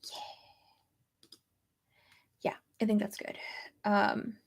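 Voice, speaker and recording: Gravelly-voiced woman rambling about her schedule. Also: mid-range voice, completely flat delivery, drawn-out words. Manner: rambling, thinking aloud, swears casually. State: pregnant. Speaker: YouTuber. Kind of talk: casual chat reading stream comments.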